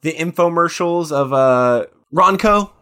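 A man's voice: on the high side, a little slow, sharp tone, smooth. A man in his thirties co-hosting a podcast, telling stories in a rambling way with quoted asides. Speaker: podcast co-host. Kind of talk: casual chat.

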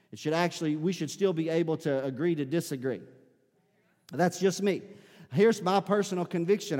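A man's voice: a little high, a little mellow. A man preaching a sermon in a church, earnest and often repeating words as he presses a point. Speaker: pastor. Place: church sanctuary. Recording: long hall reverb.

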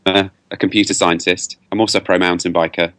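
British man, low voice, candid storytelling, dry close sound. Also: flat delivery, quick pace, fairly bright tone, no room sound. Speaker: guest. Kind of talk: podcast interview.

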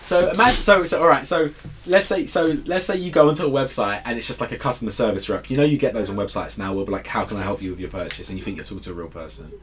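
A man hosts a loose podcast conversation, often breaking into laughter and stumbling over repeated words. His voice sits at an ordinary pitch. A faint hum runs behind him. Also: lively intonation, fast talker. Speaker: podcast host. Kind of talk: casual chat.

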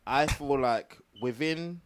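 A man's voice: mid-range voice, takes it slowly, slight background noise. A young man, a guest on a casual podcast, arguing his points emphatically. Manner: argumentative, emphatic. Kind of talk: casual chat.

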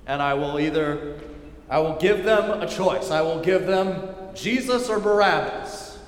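A preacher voicing a demanding Roman governor. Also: male voice, on the high side, a little slow, close to an everyday voice. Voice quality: insistent, questioning. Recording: echoey hall reverb.

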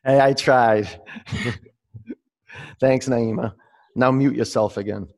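A man's voice: medium pitch, fairly even intonation, very slow, a little mellow. A man leading a live-streamed yoga class, giving pose cues between rambling, laughing asides. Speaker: yoga teacher.

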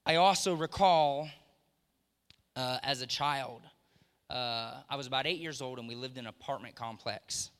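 A middle-aged man preaching a sermon in a church, telling family stories and building to excited emphasis. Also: mid-range voice, normal speed, clean tone. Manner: storytelling, rising to excited emphasis. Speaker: pastor. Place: church sanctuary. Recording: long church hall reverb.

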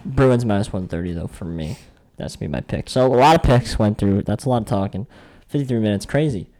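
A man's voice: on the low side, lively intonation, fast, mellow. A man hosting a podcast, chatting casually and joking about sports picks. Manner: chatty, joking, trails off mid-sentence. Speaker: podcast host. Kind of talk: casual sports betting chat.

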